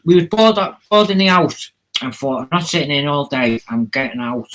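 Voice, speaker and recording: A man's voice: mid-range voice, expressive, moderate pace, fairly bright tone, rough recording. A man, hosting a casual chat, friendly and rambling with many ums. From Liverpool. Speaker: live stream host.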